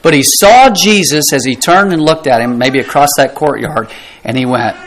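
A man's voice: medium pitch, normal speed, a bit bright, a little hiss or hum, rough recording. A middle-aged man preaching a sermon, earnest and emphatic, asking rhetorical questions and dropping his voice for effect. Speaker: pastor.

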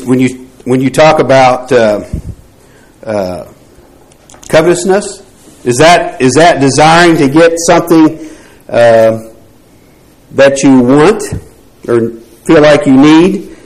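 A man's voice: mid-range voice, lively intonation, slow, pauses often, a little mellow, rough recording. A man teaching a Bible class, posing rhetorical questions to the group and often restarting his phrases.

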